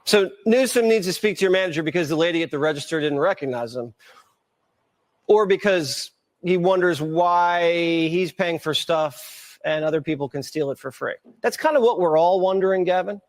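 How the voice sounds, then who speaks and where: A man's voice: sits high, expressive, normal speed. A man anchoring a TV news segment, delivering the report with a wry, sarcastic edge.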